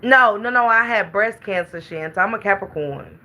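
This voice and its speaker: A woman's voice: mid-range voice, normal speed, pushed and bright. A middle-aged woman, chatting casually on a livestream and greeting her viewers by name.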